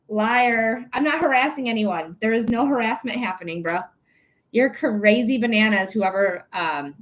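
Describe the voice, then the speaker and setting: A woman with a slightly high voice hosts a live reading stream in casual chat. She talks bluntly and animatedly, swears without hesitation and breaks off to greet viewers, close to the mic. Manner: blunt, outspoken, swears freely; animated, quick asides to viewers. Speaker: psychic reader hosting a live stream.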